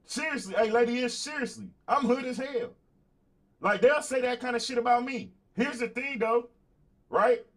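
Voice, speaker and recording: A man's voice: extremely high pitch, moderate pace, fairly bright tone. Blunt, profane talk show host, man. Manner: blunt, profane, emphatic, repeats himself; laughs between points, calls out to viewers. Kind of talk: casual livestream monologue, answering chat.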